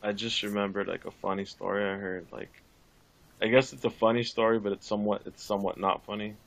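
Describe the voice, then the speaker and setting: Man, podcast guest, deep fry in voice, loose retelling, swears casually. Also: flat delivery, fairly quick, fairly bright tone. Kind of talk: casual chat.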